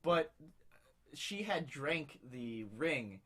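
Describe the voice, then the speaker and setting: A man's voice: on the high side, drawn-out words. A young man co-hosting a casual podcast chat, telling stories with lots of laughter. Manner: animated storyteller, laughs often. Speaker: podcast co-host.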